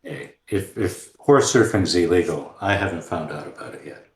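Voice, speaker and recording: A man's voice: low voice, normal speed. A man casually playing a tabletop game, explaining his moves in a wry, offhand way. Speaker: player. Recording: roomy echo.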